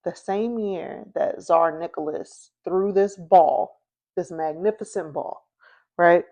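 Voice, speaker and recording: A woman hosts a history podcast and talks it through slowly and unhurriedly. Her voice sits a little low, and her telling is chatty and informal. She keeps checking in with her listeners as she goes. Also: darkish tone. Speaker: podcast host. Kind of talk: casual history storytelling.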